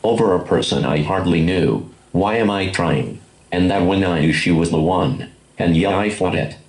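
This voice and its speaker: A man with a very low, deep voice talks in a plain, reserved way while putting questions to his wife. The recording has a clear room echo around his voice. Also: normal speed. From Illinois. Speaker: husband, interviewer. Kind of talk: casual interview. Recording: echoey room.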